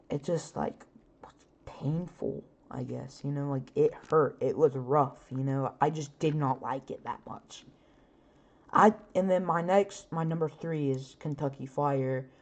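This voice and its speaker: A woman hosts her own podcast, chatting casually on her own with lots of fillers. Her voice is low-pitched, a little mellow and a bit scratchy, and she speaks unhurriedly.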